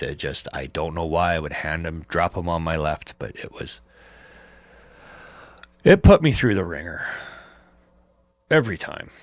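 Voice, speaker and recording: A man's voice: sits low, no echo. A middle-aged man hosting a casual livestream from home, telling rambling stories, swearing freely and laughing at himself. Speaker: livestream host chatting with viewers. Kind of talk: casual storytelling.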